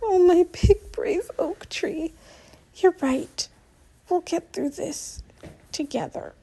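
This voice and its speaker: A woman's voice: slow pace, creaky, mellow, a little hiss or hum, full character voice. A woman reading an audiobook, voicing a distraught middle-aged mother who keeps breaking into tears. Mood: weary. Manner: tearful, high and trembling. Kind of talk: audiobook character voice.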